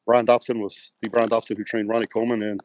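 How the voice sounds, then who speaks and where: A man's voice: fairly low pitch, level tone, quick pace, slight background noise. A middle-aged man from West Texas with a Texan accent, telling rambling stories with lots of fillers in a casual interview. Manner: rambling anecdotes with many fillers, acts out quoted dialogue. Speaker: guest, pro bodybuilder.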